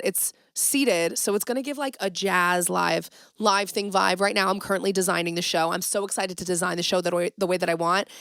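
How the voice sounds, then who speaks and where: A woman hosting a casual solo podcast, talking dramatically and swinging from loud exclamations to hushed asides. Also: mid-range voice, no room sound, studio quality. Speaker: podcast host.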